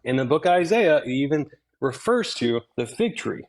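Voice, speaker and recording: A man's voice: on the high side, very animated, normal speed, a little mellow, low-quality recording. A man calling into an online debate, talking in an insistent way and cutting in often. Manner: insistent, interrupting. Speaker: debate caller.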